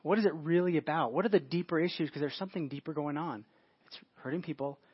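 Male pastor, rapid informal sermon delivery that keeps restarting phrases, dry close recording. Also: fairly high pitch, slightly rough, no echo, lo-fi sound. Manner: informal, restarts phrases, asks the listeners questions. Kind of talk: conversational sermon.

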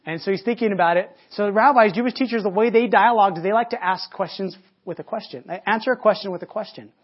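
Brief: male pastor, conversational storyteller, stumbles and restarts, husky tone, dull recording. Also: high-pitched, quick pace. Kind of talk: sermon.

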